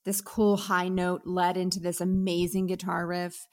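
A woman's voice: lowish voice, flat delivery, normal speed, a little mellow, no room sound, studio quality. A woman co-hosting a podcast, casually sharing what she liked about an album in an agreeable, easygoing way. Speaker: podcast co-host. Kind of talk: casual music review chat.

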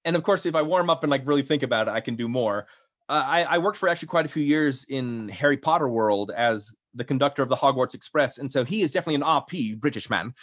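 A man's voice: medium pitch, animated, fast talker, a bit bright, no echo, clean studio sound. A young adult man, a voice actor, chatting casually in an interview in a self-effacing way. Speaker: voice actor and audiobook narrator.

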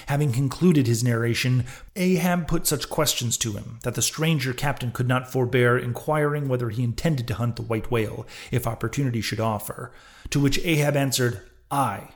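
Male podcast narrator, measured audiobook reading, mid-range pitch, steady. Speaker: podcast reader and host.

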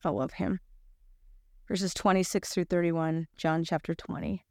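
A middle-aged woman teaching a Bible lesson, telling a personal story with lively voices for the people in it. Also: on the low side, unhurried, no echo, clean studio sound. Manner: animated storyteller, acts out quoted voices.

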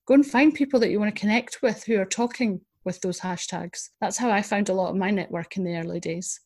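A woman's voice: mid-range voice, a little mellow. Frank, self-deprecating female guest. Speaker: guest, business owner. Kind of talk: casual interview chat.

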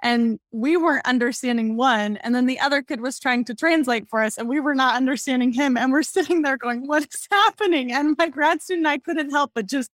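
A young woman, a pediatric speech-language pathologist, telling stories in a podcast interview in a chatty, animated way, laughing often. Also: high voice, a little fast, hardly any pauses, no room sound, clean studio sound.

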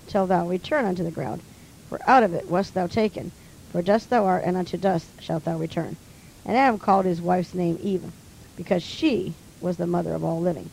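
Gravelly low woman reading scripture. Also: slight background noise, rough recording. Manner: slow, steady King James reading. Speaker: scripture reader.

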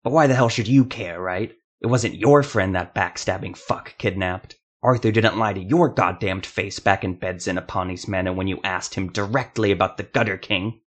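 An actor voicing an enraged, foul-mouthed male warrior who talks loudly and profanely. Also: low voice, fairly even intonation, brisk, few pauses. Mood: furious. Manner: loud, profane, storming.

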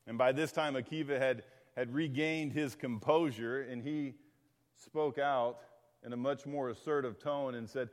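A man's voice: medium pitch, fairly even intonation, moderate pace. A man preaching a sermon as a pastor, talking conversationally with frequent restarts and asides, recorded in a church sanctuary. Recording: long reverb of a large hall.

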